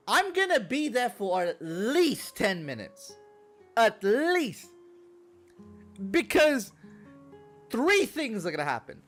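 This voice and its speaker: Young man, streamer, bright tone, pitch swinging widely, laughing and swearing, soft music behind. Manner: animated, swearing, laughing, telling stories. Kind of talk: casual chat while gaming. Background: faint background music.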